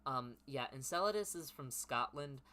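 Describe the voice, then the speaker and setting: A man's voice: mid-range voice, lively intonation, normal speed, sharp tone. A man reading his old teenage story aloud and mocking it with sarcastic, profane commentary. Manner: sarcastic, self-mocking, swears.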